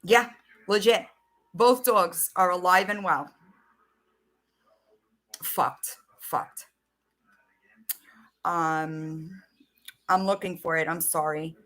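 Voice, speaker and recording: Woman host, bright forceful voice, casual swearing livestream chat, talks while scrolling her phone. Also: on the low side, extremely slow, pauses often. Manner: chatty, swears, reads out messages while searching her phone.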